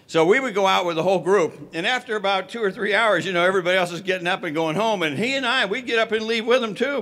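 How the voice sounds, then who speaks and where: A man's voice: a little high, bright, forceful tone. A middle-aged man telling his own recovery story, chatty and wry, with many fillers. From Southern California. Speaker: speaker sharing recovery story. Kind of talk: personal recovery talk.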